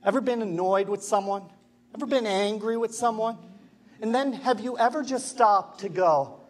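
A man's voice: sits high, moderate pace. A male pastor giving an impassioned sermon, asking the congregation rhetorical questions. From Canada.

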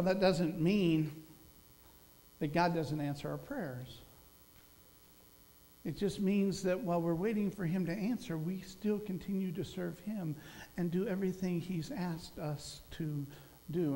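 A man giving a sermon as senior minister, preaching emphatically and dropping soft near the close. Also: high-pitched. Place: church sanctuary. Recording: long church hall reverb with mains hum.

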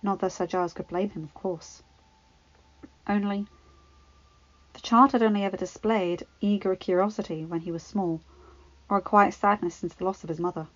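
A woman narrating a fanfiction story in an even, measured reading voice. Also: mid-range voice, dry recording. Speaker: fanfiction reader. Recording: dull lo-fi, dry.

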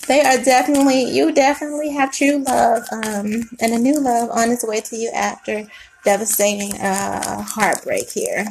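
High-pitched woman, tarot reader, casual and emotional, swears a lot. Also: background noise. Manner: emotional, swearing, talks to the viewer as baby and sweetheart.

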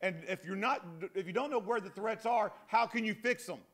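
A man giving a conference keynote talk in an animated, joking, self-deprecating manner. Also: high-pitched, normal speed. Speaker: keynote speaker.

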